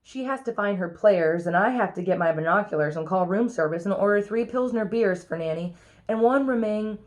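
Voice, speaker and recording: Woman, reading a picture book aloud, lively, expressive, first-person storytelling, mid pitch. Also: a little fast. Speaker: reader.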